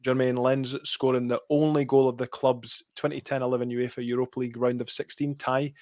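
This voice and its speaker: A man's voice: medium pitch, brisk, no echo. A Scottish man co-hosting a football podcast, cheerfully reeling off statistics between bits of casual chat. His voice is recorded close and dry, with no room sound. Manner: lively, reels off match statistics. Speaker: podcast co-host.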